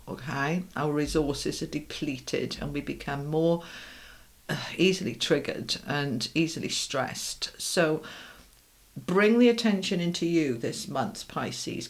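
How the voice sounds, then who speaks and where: A middle-aged woman with a slightly low voice gives a tarot reading. She coaches the listener directly and reassuringly. She asks rhetorical questions and keeps checking in with a quick "okay?" or "all right?". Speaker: tarot reader. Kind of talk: tarot card reading to camera.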